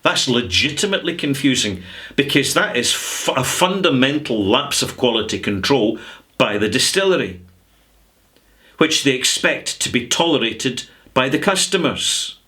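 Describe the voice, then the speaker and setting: A middle-aged Scottish man vlogging to camera, talking casually with sarcastic, drawn-out emphasis. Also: mid-range voice, animated, pushed and bright. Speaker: whisky vlogger.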